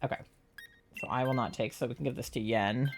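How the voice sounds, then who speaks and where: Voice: medium pitch, fairly quick, a little hiss or hum. Chatty streamer with mild Southern accent. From Southern United States. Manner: chatty, loose and swearing, often laughing. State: sore throat. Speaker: live streamer. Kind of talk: casual live-stream chat while gaming.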